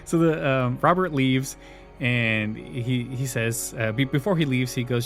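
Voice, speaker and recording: A man hosting a podcast at home, chatting in a relaxed way about an old sitcom episode. He slips into short, playful character quotes and breaks into laughter often, and faint music plays behind him. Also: mid-range voice, creaky. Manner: retells scenes with quick acted quotes, laughs often. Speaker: podcast host. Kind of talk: casual recap chat.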